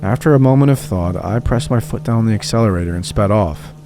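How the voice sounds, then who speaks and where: A man narrating true scary stories in a calm, scripted storytelling read. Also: on the low side, fast talker. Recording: voice-over with music behind.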